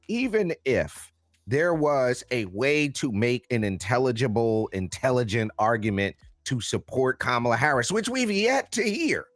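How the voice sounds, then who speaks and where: Guy co-hosting a politics show, high voice that bounces all over, emphatic and disbelieving. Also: a bit bright, no echo. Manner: emphatic, incredulous, quick to laugh. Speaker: co-host of a political talk show. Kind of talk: animated political commentary.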